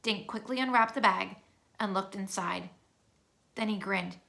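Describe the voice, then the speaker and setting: A woman reading a children's chapter book aloud as narrator, with steady, clear storytelling. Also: mid-range voice, a little slow.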